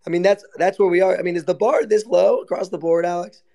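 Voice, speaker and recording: Brash, swearing man, higher voice. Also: steady tone, quick pace, creaky, mellow. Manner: brash, swears constantly, ranting and mocking. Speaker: co-host of a live audio room. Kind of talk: casual profane chat.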